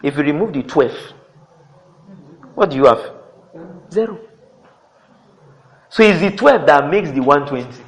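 A middle-aged man preaching a sermon, swinging between loud exclamations and quiet asides. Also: fairly high pitch, expressive, unhurried, long pauses, rough recording.

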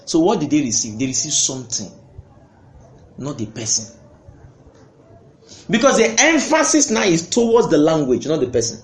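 A man preaching a sermon with fervour, swinging between loud outbursts and hushed asides. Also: fairly high pitch, big pitch swings, normal speed, pauses often. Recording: echoey room.

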